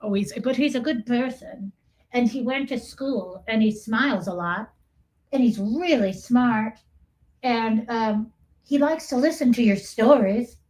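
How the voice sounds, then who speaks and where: A woman's voice: a little high, unhurried, a little mellow, natural voice, poor audio. A woman voicing her pet dog as a whiny, childish little boy who rambles through his complaints. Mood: doting. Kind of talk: livestream chat.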